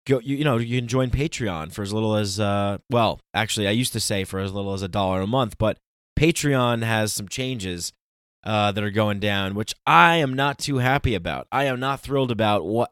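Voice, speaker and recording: A man hosting his own podcast, talking through a solo intro in an animated, ranting, conversational way. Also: on the low side, clean tone, dry recording, clean studio sound. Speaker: podcast host.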